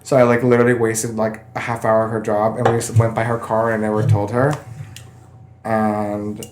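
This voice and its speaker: A man's voice: on the low side, completely flat delivery, normal speed. A man guesting on a podcast, telling stories in a rambling, casual way. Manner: rambling storyteller, many fillers. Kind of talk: casual chat. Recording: roomy echo, faint noise.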